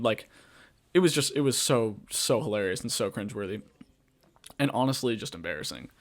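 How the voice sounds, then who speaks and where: A man's voice: lowish voice, lively intonation, fairly quick, pauses often. Rambling man ranting casually. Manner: rambling, packed with "like" fillers, blunt and profane. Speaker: podcast host. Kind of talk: casual political rant.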